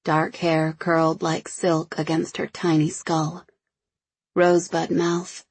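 Husky, gravelly woman narrating an audiobook. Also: sits low, level tone, slow, a little mellow, dry recording. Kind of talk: first-person audiobook narration.

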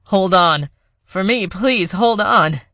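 A desperate young man pleads over a handheld screen, loud and urgent, as a woman narrator voices him. The sound is dry and close, with no room around it. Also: medium pitch, slow, no room sound. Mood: frantic. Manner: urgent and begging. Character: frantic young man, the trapped woman's lover.

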